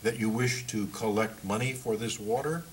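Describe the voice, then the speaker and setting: A man's voice: on the low side, moderate pace, a little hiss or hum, lightly acted, low-quality recording. A man reading the lines of a young emigrant who speaks hesitantly and with great deference, groping for words. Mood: hesitant, deferential. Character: German Polish emigrant, deferential, halting.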